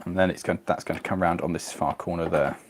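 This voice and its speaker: A man's voice: low-pitched, fairly even intonation, quick pace, noisy background. Chatty English man hosting a live stream. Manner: chatty, reads viewer comments aloud, self-deprecating. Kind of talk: casual live-stream chat while model building.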